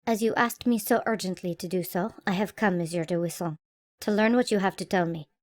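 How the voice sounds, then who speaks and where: A woman voicing a proud, stern old male naval admiral in an audiobook, brisk and commanding, recorded dry and close. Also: fairly low pitch, dry recording, natural voice. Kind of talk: audiobook character voice.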